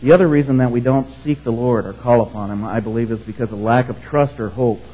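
Man, preacher, husky voice, dull muffled recording, conversational sermon. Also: mid-range voice, fast, warm tone. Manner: conversational, keeps checking in with the congregation. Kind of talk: sermon with scripture reading.

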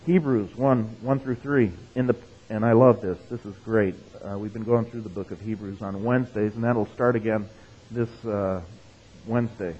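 A man's voice: lowish voice, fairly even intonation, normal speed, breathy edge. A male pastor giving a conversational sermon. He reads scripture with rising emphasis, tells jokes and keeps checking in with the congregation. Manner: conversational, checks in with "right?" and "okay?". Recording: phone-like narrow sound.

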